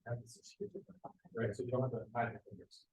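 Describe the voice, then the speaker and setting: A man's voice: medium pitch, fairly even intonation, darkish tone. Encouraging male martial arts instructor, echoey hall. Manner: encouraging, quick praise, short corrections. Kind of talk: hands-on coaching in a seminar. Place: martial arts school, indoors.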